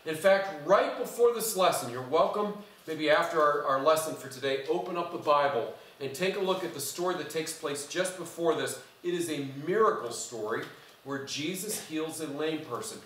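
A pastor with a fairly high voice preaches in a church, talking with his congregation and quizzing them. The sound is very roomy and echoey, and he stands well away from the microphone. A faint hiss sits under the recording. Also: expressive, normal speed, a bit bright, recorded from a distance. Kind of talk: sermon. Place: church sanctuary.

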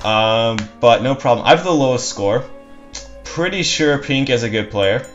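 With a mid-range voice, lively intonation and a moderate pace, a man commentates live on his own strategy game match. He rambles casually, running himself down with dry sarcasm. A dull lo-fi mic picks him up over faint music.

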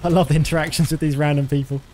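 A man's voice: fairly high pitch, flat delivery, racing, a little mellow, slight background noise. Man chatting through a shooter game. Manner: chatty, self-mocking running commentary. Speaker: streamer. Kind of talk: casual gameplay commentary.

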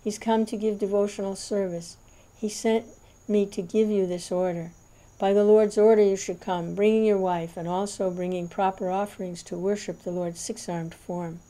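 A man's voice: sits high, level tone, normal speed, mellow, natural voice, low-quality recording. A woman reading the lines of a humble male devotee sent as a messenger, earnest and weeping with joy.

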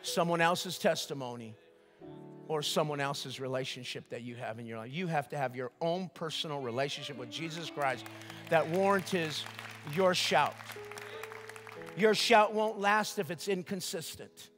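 An older man preaching a sermon as pastor, lively and joking, asking the crowd questions. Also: on the high side, moderate pace, big-room sound, faint music behind. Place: church sanctuary.

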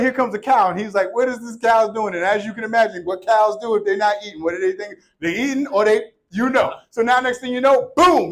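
Male pastor, high voice, casual joking sermon delivery in a church. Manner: playful, conversational preaching with call-and-response. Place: church sanctuary. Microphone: handheld or worn microphone.

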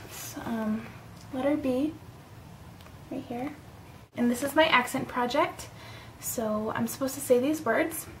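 Young woman w a nevada accent, fairly high voice, chatty, reads words n answers questions, faint room hum behind. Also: unhurried, long pauses. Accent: Pacific Southwest American (Nevada). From Nevada, USA. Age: young adult. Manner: casual and chatty, with fillers and self-corrections. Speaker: university student. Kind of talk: reading a word list and answering questions.

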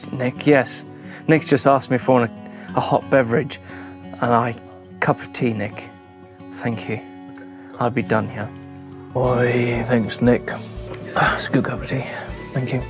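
A young man vlogging his van build to camera, chatty and self-mocking, inside the van. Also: medium pitch. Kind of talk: casual to-camera vlog. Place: inside a van being built.

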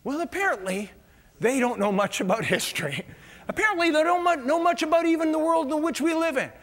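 A man's voice: extremely high pitch, lively intonation, a little fast, a bit bright. A middle-aged man preaching a sermon, telling humorous stories and laughing at his own jokes. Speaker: pastor. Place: large church hall. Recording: reverberant church hall.

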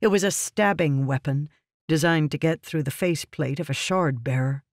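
A man narrating a fantasy novel in a steady, measured storytelling manner. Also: a little high, dry recording, clean studio sound. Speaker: audiobook narrator.

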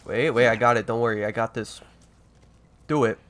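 A man giving casual let's-play commentary, excitable and profane, trash-talking the game as he plays. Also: mid-range voice, moderate pace, slight background noise. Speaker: gaming YouTuber.

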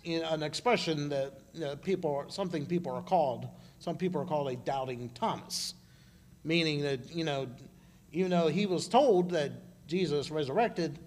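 A man giving an informal sermon at a church service, talking in a halting way with frequent restarts. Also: a little high, a little mellow. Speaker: church speaker. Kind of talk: conversational sermon. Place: church service, live broadcast.

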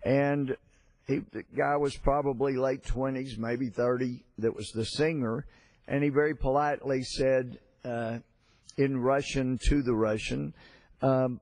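Slow-talking congressman, dry close mic, rambling anecdote. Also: mid-range voice, a little mellow, dry recording. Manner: storytelling, halting with fillers and restarts. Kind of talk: floor speech with anecdote.

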